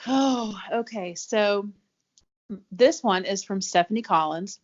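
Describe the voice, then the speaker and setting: A woman's voice: mid-range voice, slow. Woman, podcast co-host, gushing, enthusiastic, casual chat, slightly muffled sound.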